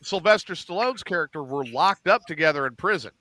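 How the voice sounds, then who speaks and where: A middle-aged man hosting a casual podcast, animated and profane, acting out lines as he recaps TV shows. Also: fairly high pitch, brisk, no room sound. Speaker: podcast host.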